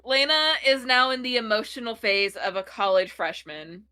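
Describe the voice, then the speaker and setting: A woman's voice: fairly high pitch, lively intonation, moderate pace, bright, forceful tone, smooth. A woman playing a tabletop game, describing her character's actions with many fillers and giggles. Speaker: player. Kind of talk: casual game narration.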